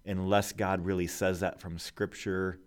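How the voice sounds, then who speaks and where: A man co-hosting a podcast, explaining scripture in a measured, unhurried way. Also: low-pitched, level tone, clean tone. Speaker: podcast co-host. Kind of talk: casual Bible discussion.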